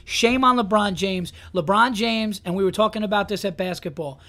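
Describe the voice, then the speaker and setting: A man hosts a casual comedy podcast in a high voice. He tells stories in a rambling way, circling back with "so then". He laughs until he is in tears. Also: moderate pace, vocal fry, sharp tone. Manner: storytelling, repeats "so then" while laughing. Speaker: podcast host.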